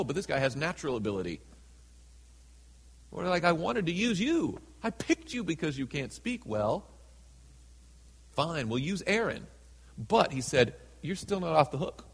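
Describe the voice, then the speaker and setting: A man preaching a sermon in a church, reading scripture slowly and dramatically and acting out the people in it. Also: on the high side, big pitch swings. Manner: reads scripture slowly and dramatically, voices characters in asides. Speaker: pastor. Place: church sanctuary. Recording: hall with long reverb.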